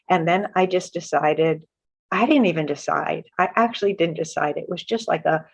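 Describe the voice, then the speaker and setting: An older woman with a lowish voice tells a personal story, earnest and halting, stumbling over and repeating words as she restarts. The recording sounds muffled and lo-fi. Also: gravelly, slightly rough. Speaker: guest author sharing a spiritual story.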